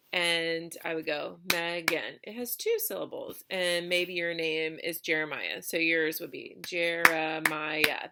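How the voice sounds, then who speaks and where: Young female teacher, slightly low voice, casual and chatty, lots of fillers. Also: gravelly, noisy background. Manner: casual, chatty, many ums and likes. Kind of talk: recorded remote lesson for students.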